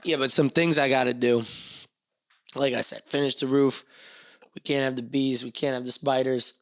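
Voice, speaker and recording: A man's voice: medium pitch, fairly even intonation, normal speed, a bit bright, no room sound. A man with a New Jersey accent hosting a casual solo podcast from a small, dusty backyard shed, rambling with profane jokes and asides. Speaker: podcast host.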